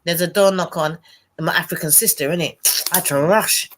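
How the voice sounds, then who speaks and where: A woman's voice: lowish voice, fairly quick, noisy background. A woman in her fifties calling into a panel, blunt and scolding. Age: 50s. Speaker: panel caller. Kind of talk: casual panel banter.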